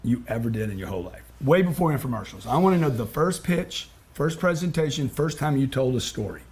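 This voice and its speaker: A man's voice: medium pitch, expressive, fairly quick, darkish tone, slightly rough. A man hosting a casual interview, blunt and teasing, often cutting in. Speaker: host.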